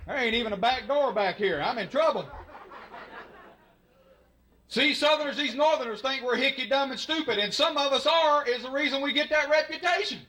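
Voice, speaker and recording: A man's voice: very high-pitched, moderate pace, sharp tone. A man from Alabama with a Southern accent doing a folksy stand-up comedy set, drawling and playful with the crowd at a live show. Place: live show at a college venue. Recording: live stage mic with crowd noise.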